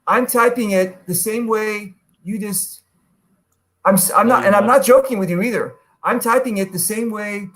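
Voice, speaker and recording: High-voiced man fumbling on a video call. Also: normal speed, fairly bright tone. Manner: fumbling, repeats himself while searching online. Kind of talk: casual chat on a video call.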